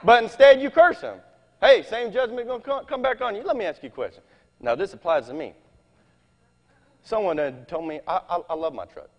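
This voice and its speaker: High-voiced folksy preacher man in an echoing hall. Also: brisk. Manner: folksy, animated preaching with scripture reading. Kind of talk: sermon. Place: church meeting hall.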